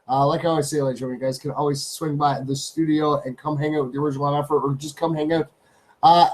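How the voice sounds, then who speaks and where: A man's voice: on the high side, a little mellow, slight background noise, poor audio. Chatty Canadian man hosting a live stream. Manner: chatty, repeats phrases, talks to his pets. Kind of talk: casual live-stream chat. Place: home studio.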